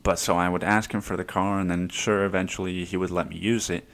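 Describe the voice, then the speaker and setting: A man's voice: low-pitched, flat delivery, brisk, fairly bright tone. A young man hosting his own podcast, talking through personal stories in a casual, rambling way with plenty of swearing. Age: young adult. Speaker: podcast host.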